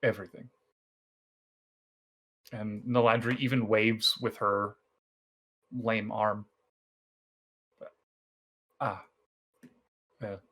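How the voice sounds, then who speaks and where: A man narrating a tabletop game as dungeon master in a relaxed, conversational way. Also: lowish voice, extremely slow, long pauses.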